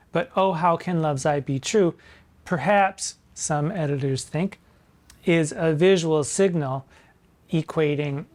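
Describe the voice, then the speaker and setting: A man in a drag persona hosts a sonnet discussion, offering arch, playful literary commentary. He slows down to recite quoted lines with emphasis, and his voice is a little high with a darkish tone.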